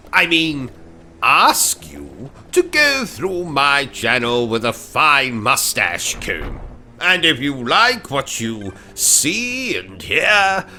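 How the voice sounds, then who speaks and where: A man's voice: medium pitch, sharp tone. A British man hosting comedic gaming commentary, pompous and theatrical, full of exclamations. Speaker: gaming channel host. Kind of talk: comedic let's-play commentary with skits.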